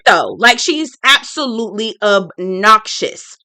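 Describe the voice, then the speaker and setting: Bright, blunt woman recapping reality TV. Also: fairly high pitch, lively intonation, normal speed, no room sound, clean studio sound. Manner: blunt, sassy, talks straight to viewers; emphatic, repeats points for effect. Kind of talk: casual reality-show review vlog.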